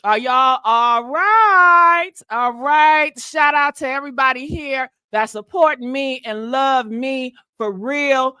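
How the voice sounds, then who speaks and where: A woman hosting a casual gossip livestream, sassy and animated, chatting to viewers and laughing often. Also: high voice, takes it slowly, no echo, studio quality. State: short of breath.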